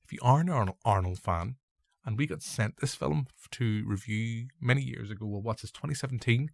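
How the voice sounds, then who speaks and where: Gravelly Northern Irish man hosting. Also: mid-range voice, brisk, a little mellow, dry recording, clean studio sound. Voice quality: gravelly, a bit nasal. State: congested. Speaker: podcast host. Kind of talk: casual film review chat.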